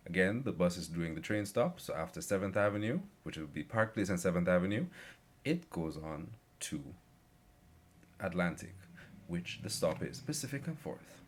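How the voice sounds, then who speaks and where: Animated low-voiced man telling a story. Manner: rambling, animated, lots of fillers. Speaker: vlogger. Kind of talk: casual storytelling.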